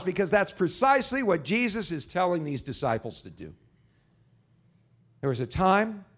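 A male pastor preaching a sermon, telling stories with acted-out characters, then praying slowly and earnestly. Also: fairly high pitch. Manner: animated storyteller, acts out characters in jokes; soft, slow earnest prayer. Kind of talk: sermon with storytelling and prayer.

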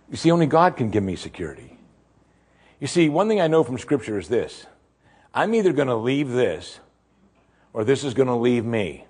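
Animated husky male preacher. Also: medium pitch. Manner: animated, rhetorical questions, acts out voices. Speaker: pastor. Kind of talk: sermon.

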